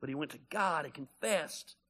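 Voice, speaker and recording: This pastor's fairly high voice moves at a moderate pace as he preaches. He's lively and chatty, cracking jokes and speaking bluntly, alternating loud bursts with quiet side comments.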